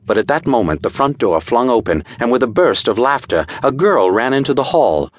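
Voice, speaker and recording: A man narrating an audiobook in a measured, dramatic storytelling style, recorded close to a studio mic. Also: medium pitch, very animated, no echo. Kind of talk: scripted narration.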